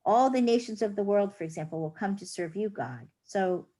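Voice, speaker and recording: A woman's voice: medium pitch, brisk, mellow. A woman teaching a reading class, patiently sounding out words and explaining rules. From United States.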